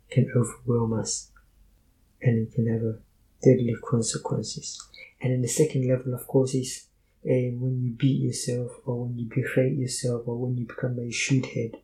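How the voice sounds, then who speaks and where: A man giving an Islamic motivational talk, explaining ideas in measured steps and telling personal stories. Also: mid-range voice, warm tone, slight background noise, poor audio. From Somalia. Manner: measured, lists points in sequence. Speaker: motivational speaker. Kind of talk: Islamic self-help talk.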